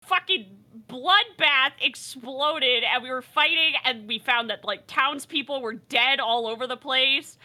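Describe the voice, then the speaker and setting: A young woman recapping a tabletop game session, telling the story in a giggly, animated way. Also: high-pitched, a little slow, hardly any pauses.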